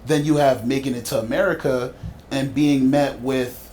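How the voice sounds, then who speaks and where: A man's voice: medium pitch, fairly even intonation, normal speed, a little mellow, slight background noise. A man talking in a thoughtful, reflective way during a casual podcast conversation.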